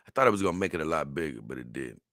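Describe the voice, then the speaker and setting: Animated man reacting, bright dry voice. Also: very deep voice, racing, dry recording. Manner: animated, exclaiming and laughing, dips into mock voices. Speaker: video reactor. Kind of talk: casual reaction commentary.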